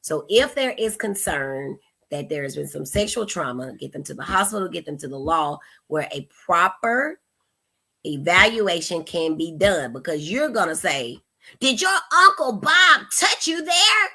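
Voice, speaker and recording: A woman in her thirties, a mother hosting a parenting advice talk, speaking in an animated, expressive way and acting out the questions she quotes. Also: sits low, moderate pace, vocal fry, breathy edge. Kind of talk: casual advice talk to camera.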